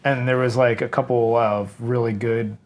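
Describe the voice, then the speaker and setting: A man's voice: medium pitch, level tone. A man co-hosting a podcast in casual chat, playful and teasing. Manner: playful, teasing, quick to laugh. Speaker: podcast co-host.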